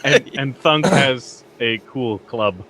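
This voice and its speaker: Relaxed man explaining his game moves. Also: mid-range voice, slow, background noise. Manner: relaxed, explains plans at length. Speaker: player. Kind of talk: casual chat at a game table.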